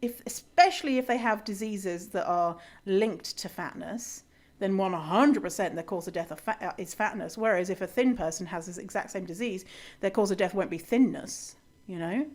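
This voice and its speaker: A woman's voice: medium pitch, normal speed, darkish tone. A woman hosting a solo podcast, sarcastic and chatty, rebutting quotes she reads aloud. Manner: frequent fillers and restarts, laughs often. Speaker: podcast host.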